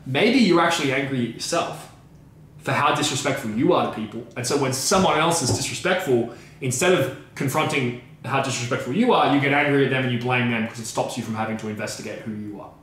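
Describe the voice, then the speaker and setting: A male podcast co-host who works as a coach talks fast and emphatically in a medium-pitched, slightly bright voice, swearing often and repeating phrases in casual discussion. The room is very echoey, the mic sits at a distance, and faint noise is present.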